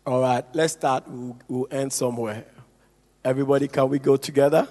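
A man's voice: mid-range voice, steady tone, warm tone. A man preaching a sermon to a congregation, calling for responses and stretching out key phrases. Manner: call-and-response preaching, drawn-out emphatic phrases. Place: church hall. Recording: echoey hall with long reverb.

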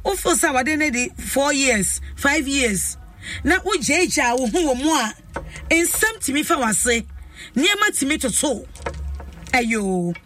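A high, bright-voiced woman with a Ghanaian accent hosts a lively talk show with effusive, drawn-out emphasis. Her voice is dry but set a little back from the mic. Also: no room sound, far from the mic. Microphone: studio microphone.

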